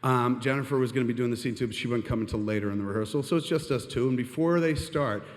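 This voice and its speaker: A man telling a long, animated anecdote on stage, rambling and swearing as he goes. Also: medium pitch, fast talker. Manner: animated, profane, rambling with "and shit". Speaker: storyteller on stage. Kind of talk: live storytelling monologue. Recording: long reverb of a live hall.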